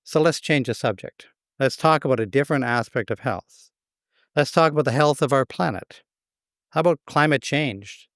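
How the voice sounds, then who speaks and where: A man's voice: mid-range voice, normal speed, fairly bright tone, no room sound. A man preaching a sermon as pastor, conversational with dry, wry humor.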